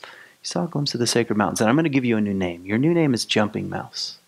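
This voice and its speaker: A man's voice: on the low side, lively intonation, quick pace, creaky, a little mellow. A man voicing a wise male frog healer in a spoken story, patient and instructive. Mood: calming.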